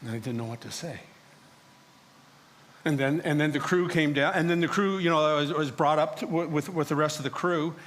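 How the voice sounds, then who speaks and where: Male pastor, first-person dramatic sermon storyteller, mid-high voice. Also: normal speed, a bit bright. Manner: storytelling in character as a biblical prophet, acting out quoted voices. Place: church sanctuary.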